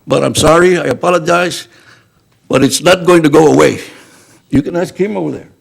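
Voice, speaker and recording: A man's voice: a little high, fairly quick, creaky, slightly rough. An older man speaking in public comment at a school board meeting, upset and emphatic, apologizing for speaking so strongly and running out of breath.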